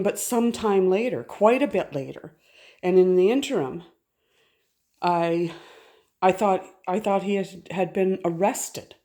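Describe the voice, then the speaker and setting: A woman's voice: fairly low pitch, mellow. Rambling middle-aged woman vlogging at home. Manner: rambling, chatty, self-interrupting. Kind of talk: casual home vlog. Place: house and garden, moving between indoors and outdoors.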